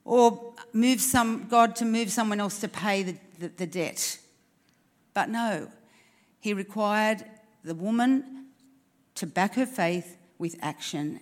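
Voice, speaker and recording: A woman's voice: on the low side, slow. A woman preaches to a church congregation in an earnest, encouraging tone. She leans on rhetorical questions and direct appeals to her listeners. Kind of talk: sermon. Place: church service.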